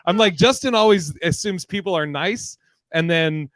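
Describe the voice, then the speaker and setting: A man with a high voice co-hosts a podcast in casual chat. He is blunt and swears freely. His voice sits close and dry with no room sound. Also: normal speed, a bit bright, no room sound. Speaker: podcast co-host.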